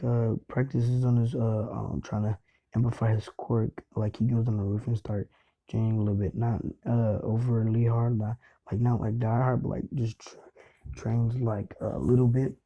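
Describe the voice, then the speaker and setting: A man's voice: mid-range voice, flat delivery, normal speed. A young man casually retelling a fan story in a rambling way. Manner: rambling, full of fillers and restarts. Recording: dull lo-fi recording.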